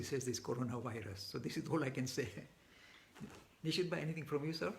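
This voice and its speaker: A man's voice: fairly high pitch, brisk, gravelly. A man answering audience questions in a live online talk, speaking emphatically with frequent restarts and repeated words. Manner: gets worked up.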